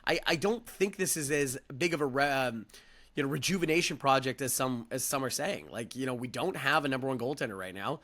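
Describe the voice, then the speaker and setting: A man co-hosting a casual sports podcast, rambling with restarts and fillers in an animated way. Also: medium pitch, fairly quick. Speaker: podcast co-host.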